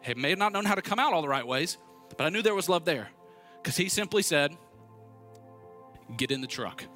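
A man's voice: high voice, animated, fast, pushed and bright, faint music behind. A man preaching a sermon, telling personal stories in an earnest, conversational way that builds to urgent appeals. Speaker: pastor.

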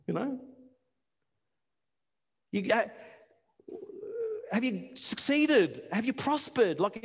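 A man preaching a passionate sermon, repeating words and building to near-shouts. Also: high voice. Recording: long reverb of a hall.

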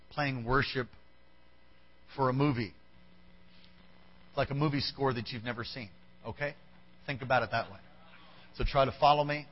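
A man's voice: mid-range voice, muffled recording. A man preaching a sermon, telling a Bible story with acted-out voices and asides. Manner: animated, acts out characters, talks to the band. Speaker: pastor. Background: soft band music.

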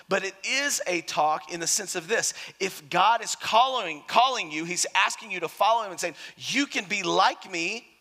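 A man preaching a sermon in a lively, conversational way, acting out the quotes he tells. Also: sits high. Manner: animated, conversational, acts out quotes. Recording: hall reverb.

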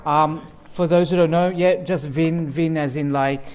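A man with an Australian accent delivers a sermon as a guest pastor. His voice sits fairly high for a man, and he keeps it conversational, slipping in jokes as he goes. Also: fairly even intonation, unhurried, a little mellow. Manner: joking, conversational preaching.

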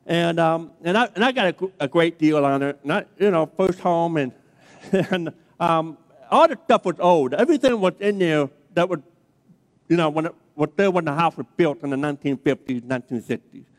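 A man's voice: a little high, lively intonation, moderate pace. A man preaching a sermon as a pastor, telling a story in a chatty way, keeps checking in with the crowd, then builds to emphatic preaching. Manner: chatty storytelling, checks in with "okay?" and "all right?". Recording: long reverb of a large hall.

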